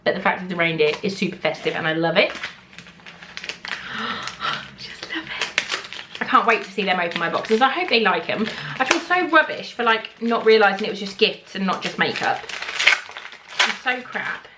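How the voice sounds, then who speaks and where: A British woman vlogging a casual unboxing in her kitchen at home, excitable and full of gasps, squeals of delight and frequent swearing. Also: medium pitch, quick pace, hardly any pauses, noisy background.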